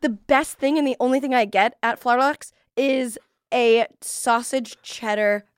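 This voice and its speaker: A woman's voice: on the high side, smooth, no room sound, studio quality. Giggly, teasing woman podcast co-host. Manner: playful, giggly, quick to tease. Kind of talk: casual podcast chat.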